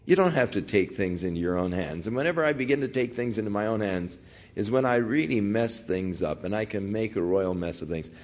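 A man's voice: lowish voice, a little fast, darkish tone. A man preaching an expository sermon in a conversational, folksy way. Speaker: pastor.

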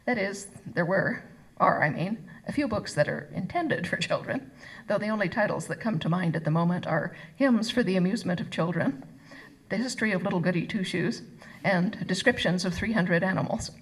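A woman's voice: fairly low pitch, moderate pace, close to an everyday voice, rough recording. A woman voicing a mild, bookish young father who talks hesitantly and corrects himself.

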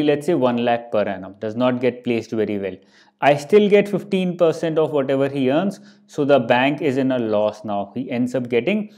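A man's voice: medium pitch, mellow. A young man with an Indian English accent teaching exam finance terms, explaining with worked examples and frequent "let's say" and "okay". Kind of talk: explanatory lecture.

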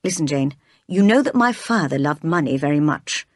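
A woman reading aloud as a brooding, passionate gentleman who is quick to anger, in her own plain voice. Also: deep voice, expressive, no echo, clean studio sound.

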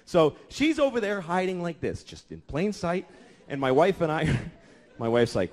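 A male stand-up comedian telling an exasperated family story, building up to shouting. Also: on the high side, sing-song, normal speed, breathy edge. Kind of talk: stand-up set. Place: comedy club stage. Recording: long hall reverb.

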